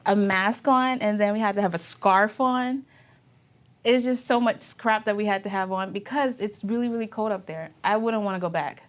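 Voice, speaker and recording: Candid young woman, laughing through stories. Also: a little high. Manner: candid, laughs often while telling stories. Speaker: Navy veteran interviewee. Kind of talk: casual interview recollection.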